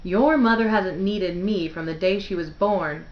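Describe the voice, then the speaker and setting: A woman's voice: medium pitch, measured pace, echoey room, muffled recording, close to an everyday voice. A woman doing a dry Southern grandmother. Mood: brisk. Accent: Southern American, put on. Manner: dry, arch, sharp when annoyed. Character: elderly grandmother, dry, arch and brisk.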